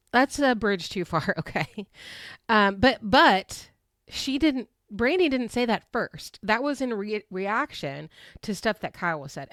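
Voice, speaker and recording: A young woman hosts a podcast recapping a reality show, telling the story animatedly, laughing often and acting out the quotes. Her medium-pitched voice is captured with studio quality and no room sound.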